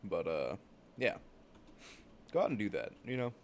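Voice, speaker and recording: A man's voice: fairly low pitch, big pitch swings, measured pace, a little hiss or hum. A young man from the United States, hosting a gaming channel, tells rambling, profane travel stories full of "like" fillers. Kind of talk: casual storytelling while gaming.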